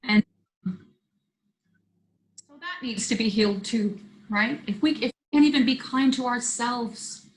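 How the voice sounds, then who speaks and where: Tearful woman, soft and heartfelt. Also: a little high, a little hiss or hum. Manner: soft, heartfelt, halting with restarts. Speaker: host of a women's healing circle. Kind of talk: emotional sharing in an online circle. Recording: roomy echoey sound.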